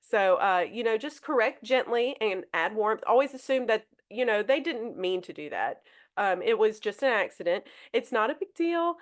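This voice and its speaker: A woman teacher leads a live podcast lesson in a fairly high voice. She talks in a loose, chatty way, stumbling and restarting her sentences as she goes. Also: animated, normal speed. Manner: chatty, hesitant, many restarts.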